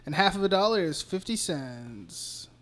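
In this casual movie recap chat, a podcast co-host laughs, curses, and rambles while walking through the plot of a horror film. His high-pitched voice is expressive and a bit bright, at a measured pace.

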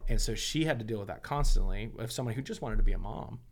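Fast-talking man telling a family story. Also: lowish voice, creaky. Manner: animated storyteller, acts out quoted dialogue. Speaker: pastor and foster father. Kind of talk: casual podcast conversation.

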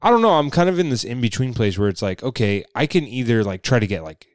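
A man's voice: medium pitch, sing-song, fast, dry recording, studio quality. A young man co-hosting a casual podcast, rambling and swearing, acting out the people in his stories. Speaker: podcast co-host. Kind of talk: casual chat.

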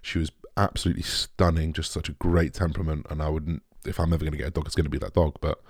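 A young man speaks in a very low, deep voice, recorded dry and close with no room sound. He talks candidly to his audience, emotionally shaken, halting and restarting his sentences and swearing freely. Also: level tone, husky, dry recording. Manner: raw, halting, swears often, many restarts and trailing off. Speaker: vlogger. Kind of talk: candid personal talk to camera.

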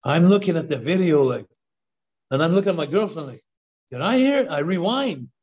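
Older man, podcast guest; eager, restart-heavy storyteller, slightly higher voice, muffled remote audio. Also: a little fast. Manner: excited storyteller, repeats words on restarts. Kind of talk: storytelling interview talk. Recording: dull lo-fi call audio.

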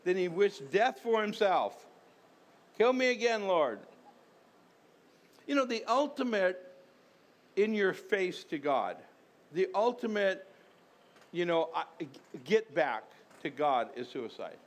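A man's voice: high-pitched, animated, slow pace. A man, a pastor, preaching a conversational sermon, repeating himself and firing rhetorical questions at the congregation.

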